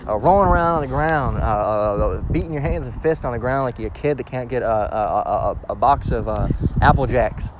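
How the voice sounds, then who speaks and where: A man preaches outdoors in a steady, mid-range voice, reading scripture at a slow, deliberate pace before breaking it down in plain, blunt street talk. He punctuates nearly every point with "all right?" City noise and passing vehicles sit clearly behind him. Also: medium pitch. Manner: reads verses slowly, then explains in blunt slang with constant "all right?". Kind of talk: informal scripture lesson.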